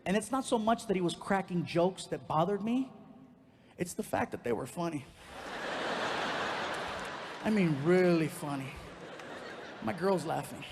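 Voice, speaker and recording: A man doing stand-up, telling a personal story and acting out the people in it with lively energy. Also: high voice, measured pace, pauses often, long reverb tail, noisy background. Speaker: stand-up comedian. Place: comedy stage before a live audience.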